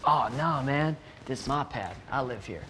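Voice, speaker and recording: An actor playing a boastful, friendly young rapper who talks in laid-back slang. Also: male voice, mid-range voice, expressive, moderate pace, pushed and bright, soft background music. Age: young adult. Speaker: rapper, landlord.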